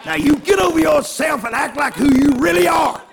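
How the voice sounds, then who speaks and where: A man's voice: sits high, very animated, a little slow, gravelly, a crowd in the background, noisy background, exaggerated voice. A man playing a stern older woman who bluntly scolds her husband. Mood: scolding.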